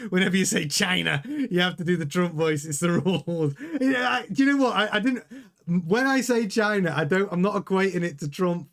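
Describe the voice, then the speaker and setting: A man's voice: high-pitched, fairly bright tone. A man hosting a live watchalong, reading out viewer chat and giving casual, rambling commentary that often stops and restarts mid-sentence. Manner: chatty, rambling, self-interrupting. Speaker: livestream host reading chat.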